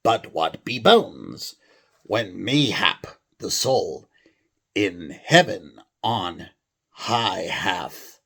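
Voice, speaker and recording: A man's voice: very high-pitched, huge pitch swings, drawn-out words, pushed and bright, pitched above the performer's own voice, exaggerated voice. A man reading a poem aloud and voicing a sly old troll in a mock English accent. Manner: mock English accent, archaic sing-song. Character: old bone-munching troll, lonely, sly.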